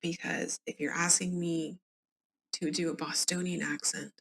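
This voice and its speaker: A woman's voice: on the low side, flat delivery, a little slow, gravelly, a bit bright. A woman from the Southern US, with a Southern accent, hosting a true-crime podcast and chatting with listeners between readings. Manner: chatty, conversational asides to listeners. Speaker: podcast host.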